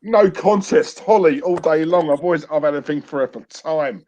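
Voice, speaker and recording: A man's voice: on the high side, normal speed, mellow. A man with an East London accent, co-hosting a casual football watchalong with laddish banter. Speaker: co-host.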